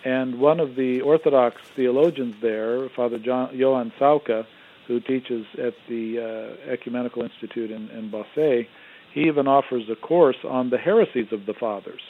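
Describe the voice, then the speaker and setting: A man, an Orthodox theologian, explaining in measured tones with some fillers as a guest on a radio call-in show. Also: mid-range voice. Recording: phone-like narrow sound.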